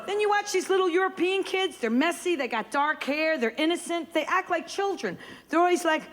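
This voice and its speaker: A woman comedian doing brash, rapid-fire stand-up on a comedy club stage. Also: extremely high pitch, expressive, slight background noise. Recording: live club recording, loud audience laughter.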